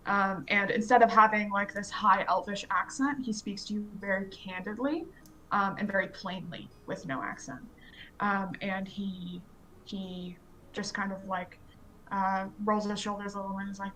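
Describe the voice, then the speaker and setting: A woman's voice: medium pitch, fairly even intonation, measured pace, pushed and bright, a little hiss or hum, low-quality recording. A woman running a tabletop game as game master, describing scenes casually with many fillers.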